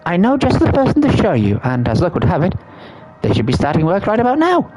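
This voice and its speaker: A man reading out a calm formal game character. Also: high-pitched, quick pace, over loud music, voice pushed up, poor audio. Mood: measured. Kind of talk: reading game dialogue aloud.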